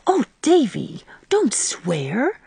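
A woman's voice: on the high side, very animated, moderate pace, darkish tone, dry recording, pitched above the performer's own voice. A woman voicing a meek little girl who pleads in dismay. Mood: timid.

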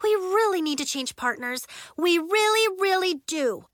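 A woman's voice: very high voice, expressive, measured pace, no room sound, clean studio sound, pitched above the performer's own voice. A woman voicing a bossy, indignant fifth-grade girl who complains insistently, read as an audiobook character.

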